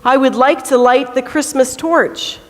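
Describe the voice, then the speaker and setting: An earnest, kind-hearted little boy from a storybook, as a woman reader puts him on, his voice lifted high and eager. The words ring with the long echo of a church hall. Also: unhurried.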